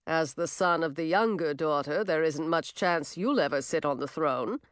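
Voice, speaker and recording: A woman's voice: low voice, normal speed, clear, resonant tone, no echo, clean studio sound, lightly acted. A woman voicing an arrogant young nobleman in an audiobook, talking in a smug, sneering way. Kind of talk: audiobook character voice.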